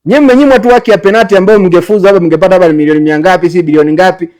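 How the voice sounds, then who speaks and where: A man lectures bitterly and sarcastically in a critical commentary. He talks fast in a fairly high voice. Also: darkish tone.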